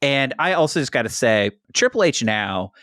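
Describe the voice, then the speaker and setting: A man in relaxed podcast banter, animated and playful, who keeps slipping into goofy bits. His voice sits at an ordinary middle pitch and is recorded close and dry, with no room sound. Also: normal speed, no echo. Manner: animated, joking, breaks into impressions. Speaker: podcast co-host. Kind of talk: casual chat.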